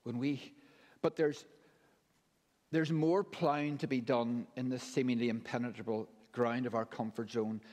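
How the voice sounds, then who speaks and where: A man's voice: mid-range voice, darkish tone. Preaching man in a reverberant hall. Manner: measured, emphatic preaching with deliberate pauses. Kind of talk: sermon.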